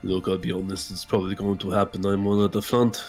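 A man's voice: low-pitched, level tone, fast, a little mellow, soft background music. A man voicing a huge frost goliath barbarian who speaks bluntly and plainly.

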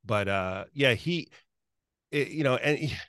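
A man hosting an interview who speaks haltingly, with many fillers and repeated words. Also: mid-range voice, animated, a bit bright, no echo, clean studio sound. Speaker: interview host. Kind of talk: casual interview chat.

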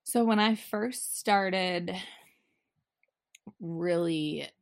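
A young adult woman telling a personal story as a podcast guest, candid and halting, with many restarts. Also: lowish voice, vocal fry, no echo, clean studio sound.

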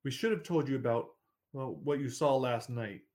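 A man voicing a kindly old grandmother who speaks gently and soothingly in a storybook. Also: medium pitch, moderate pace, close to an everyday voice. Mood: apologetic.

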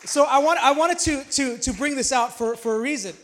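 Male pastor, thirties, very high voice; casual sermon that builds by repetition, small church. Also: brisk, a little hiss or hum. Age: 30s. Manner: casual, repeats himself, builds to emphatic points. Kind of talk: conversational sermon.

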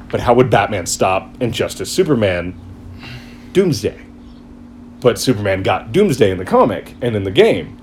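A man chatting casually, retelling a story in an excited, rambling way and acting out quotes. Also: fairly low pitch, normal speed, soft background music. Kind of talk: casual chat.

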